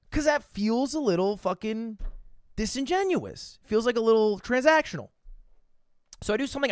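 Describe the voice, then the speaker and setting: A man's voice: very high-pitched, sing-song, fairly quick, a bit bright, no room sound, clean studio sound. A male streamer telling a story in a casual, self-deprecating way, swearing freely.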